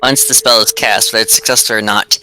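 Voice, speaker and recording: A man's voice: on the low side, steady tone, fast, sharp tone, low-quality recording. A man playing a tabletop game, chatting in a hesitant, casual way. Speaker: player.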